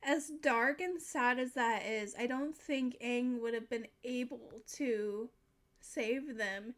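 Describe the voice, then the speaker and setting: A woman's voice: on the high side, slow pace, fairly bright tone. A young woman reacting to a show in casual commentary, emotional, teary and swearing freely. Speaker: reaction video host.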